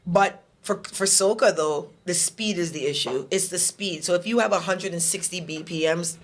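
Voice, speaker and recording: Bajan male guest, casual storyteller, animated, does voices. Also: high-pitched, normal speed. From Barbados. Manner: animated storyteller, mimics other people's voices. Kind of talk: casual chat.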